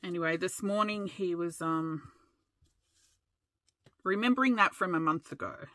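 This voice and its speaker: A woman's voice: fairly low pitch, a little slow, fairly bright tone, dry recording. An Australian woman in her fifties, hosting a crafting vlog and telling a rambling, chatty story. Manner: rambling, chatty, often laughing. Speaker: crafting channel host.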